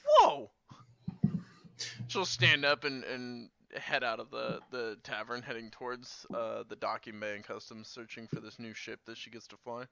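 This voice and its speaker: A man playing a character in a tabletop game over voice chat, playful, given to loud laughing outbursts. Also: steady tone, normal speed, creaky, few pauses, dry recording. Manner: laughing, playful, bursts of loud high exclaims. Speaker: player. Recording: dull, dry voice-chat audio.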